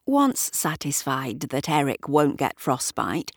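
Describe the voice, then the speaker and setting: A woman reading a story aloud in a measured, wry storybook narration. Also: extremely low pitch, sing-song, breathy edge, no echo, clean studio sound. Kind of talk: scripted narration.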